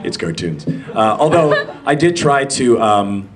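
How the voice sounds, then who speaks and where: A man's voice: mid-range voice, big pitch swings, measured pace. A male voice actor telling a story on a convention panel, rambling and laughing, with lots of fillers. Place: convention panel room with audience. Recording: crowd noise in a panel hall.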